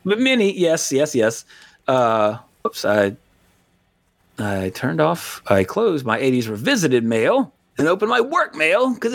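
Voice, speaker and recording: Rambling, animated male podcast host. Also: fairly high pitch, measured pace. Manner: rambling, animated, swears freely. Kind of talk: casual podcast chat.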